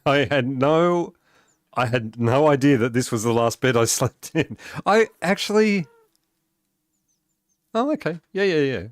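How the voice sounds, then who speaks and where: His voice is on the high side, recorded with studio quality and no echo, as he chats loosely on a gaming stream. He rambles, restarts, uses many fillers, and keeps chuckling while he talks.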